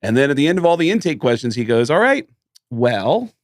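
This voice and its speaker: A man's voice: medium pitch, animated, racing. A man, a comedian guest, telling a long story in casual podcast talk and acting out the quoted dialogue.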